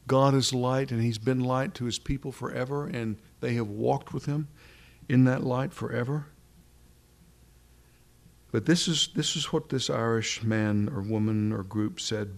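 Man preaching at a small evening service, earnest and slow on the key words, average pitch. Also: gravelly. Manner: earnest, measured, drawn-out emphasis with repeated phrases. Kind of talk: sermon with closing prayer. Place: small evening church gathering.

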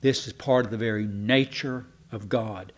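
A man's voice: lowish voice, steady tone. Folksy man teaching scripture. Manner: folksy and digressive, slows down for emphasis. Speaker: preacher. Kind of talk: conversational Bible teaching.

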